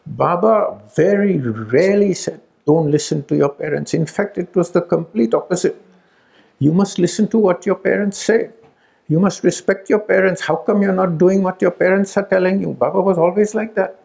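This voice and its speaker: An older man in his seventies, voice gravelly with fry, pitched a little high for a man. He tells a personal story to a gathering in an animated, quick way, acting out the quoted exchanges. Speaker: speaker at a spiritual gathering. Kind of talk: storytelling talk.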